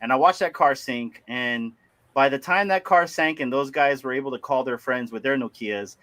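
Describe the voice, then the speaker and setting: Animated man telling a story. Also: medium pitch, normal speed. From Hawaii. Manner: animated, laughing, acts out voices. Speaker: livestream host. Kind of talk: casual storytelling.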